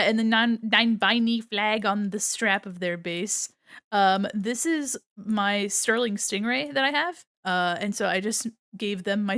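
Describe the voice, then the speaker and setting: A woman's voice: medium pitch, a bit bright, no echo, studio quality. A young woman streaming as a VTuber, chatting casually and giggling with viewers while she draws, with a slight valley-girl lilt. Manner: says she sounds a bit like a valley girl. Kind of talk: casual live-stream chat while drawing.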